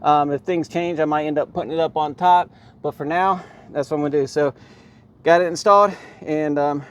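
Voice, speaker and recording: Guy in his car doing a how-to vlog, bit higher voice, rambly and laid back, lots of ums. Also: a little fast, clean tone. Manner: rambling, relaxed, lots of ums and "right here". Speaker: car vlogger. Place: inside a car.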